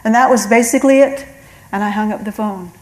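A woman's voice: mid-range voice, a little fast, darkish tone, low-quality recording. A middle-aged woman giving an earnest spoken testimony, telling her story and acting out the voices of God and of callers. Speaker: testimony speaker.

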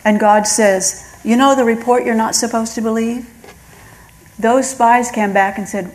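A woman's voice: on the high side, fairly even intonation, a little slow, a little mellow, low-quality recording. A middle-aged woman giving an earnest spoken testimony, telling her story and acting out the voices of God and of callers. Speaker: testimony speaker.

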